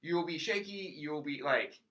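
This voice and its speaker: A man co-hosting a casual gaming podcast, talking in quick animated bursts with restarts. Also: a little high, muffled recording. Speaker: podcast co-host. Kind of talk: casual chat.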